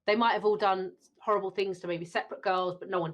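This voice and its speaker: A woman's voice: mid-range voice, steady tone, fast talker. Chatty British woman teaching English. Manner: alternates reading play lines with explanation; chatty, addresses viewers directly. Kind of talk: exam revision lesson.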